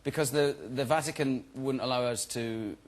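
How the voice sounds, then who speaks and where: A man in his thirties, guest on a chat show, telling stories in a relaxed, chatty way and laughing as he goes. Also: medium pitch, normal speed. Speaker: guest actor. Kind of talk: casual chat-show interview.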